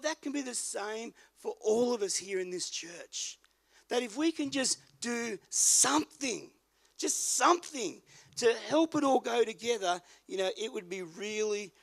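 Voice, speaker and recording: An older pastor preaching in a relaxed, storytelling way. His voice sits high for a man and has a gravelly edge. He drops quiet, then lifts loud for emphasis. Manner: folksy storyteller, swings between quiet and loud. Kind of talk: sermon with personal story.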